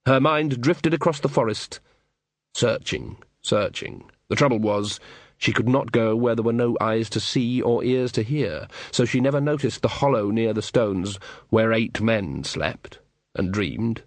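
A man narrating an audiobook in a measured, wry storytelling manner. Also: medium pitch, no room sound. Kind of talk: scripted narration.

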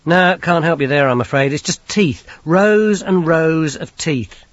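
A man voicing a nervous, hungover young male god in an audiobook, excitable and stammering. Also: on the high side, unhurried, no echo, lo-fi sound, voice pushed up. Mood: chatty. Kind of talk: audiobook character voice.

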